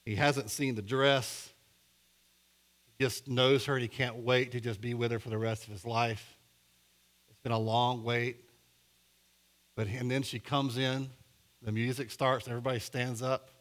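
A man's voice: medium pitch, level tone, normal speed, long pauses. Man preaching a storytelling sermon. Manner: storytelling, building from hushed to emphatic. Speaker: pastor.

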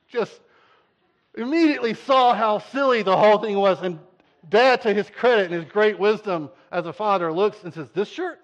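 A man preaching a sermon, telling a story in an animated way and acting out voices. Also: sits high, moderate pace, long pauses. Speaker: pastor. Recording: dull lo-fi sound.

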